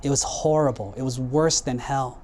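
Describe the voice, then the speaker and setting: A monk voicing a talking goat in a storytelling sermon, low and earnest as it recounts its past lives. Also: male voice, normal speed, darkish tone, a little hiss or hum, natural voice. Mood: solemn. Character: wise talking goat, old soul, sorrowful.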